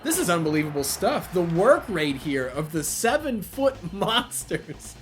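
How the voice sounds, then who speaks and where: A man hosting a wrestling video game playthrough, chatting casually, laughing and swearing, then shouting play-by-play at the big moves. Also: sits high, very animated, unhurried, faint music behind. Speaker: let's play host.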